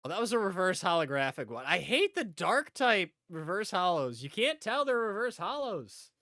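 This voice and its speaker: A man's voice: high-pitched, big pitch swings, moderate pace, bright, forceful tone, no room sound, studio quality. A man streaming live, chatting casually and rambling as he talks to viewers, repeating himself often. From upstate New York.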